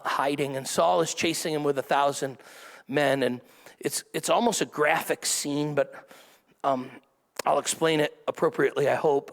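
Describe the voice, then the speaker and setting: Gravelly-voiced man preaching a sermon. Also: a little high, big-room sound. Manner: conversational preaching with asides and crowd prompts. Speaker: pastor. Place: church service before a congregation.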